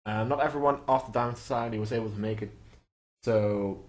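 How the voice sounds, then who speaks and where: Excitable male gamer commentator. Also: lowish voice, fairly quick. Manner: excitable, chants siren-like noises; rambling with fillers in the outro. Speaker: gaming channel host. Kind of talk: casual gameplay commentary.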